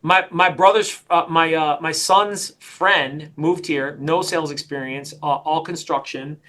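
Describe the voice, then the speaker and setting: A middle-aged man coaching a sales team, talking in an energetic, emphatic way and often repeating his points. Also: a little high, measured pace. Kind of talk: coaching session.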